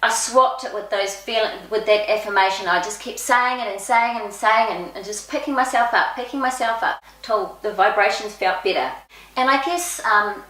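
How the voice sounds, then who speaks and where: Chatty New woman in an echoey room. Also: mid-range voice. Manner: chatty and expressive, acts out quoted speech. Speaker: vlogger. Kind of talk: casual personal storytelling.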